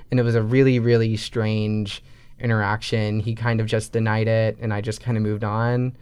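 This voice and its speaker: A man's voice: on the low side, level tone, moderate pace, darkish tone, smooth, no echo. A young man and college student, earnestly and reflectively telling his own story for a storytelling podcast. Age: young adult. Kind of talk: storytelling interview.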